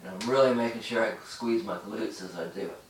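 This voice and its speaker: A stretching instructor demonstrates a routine while performing it, speaking briskly in a fairly low voice and in short bursts between holds, breathing hard from the effort. The rough recording has a distant mic, roomy acoustics, and slight background noise.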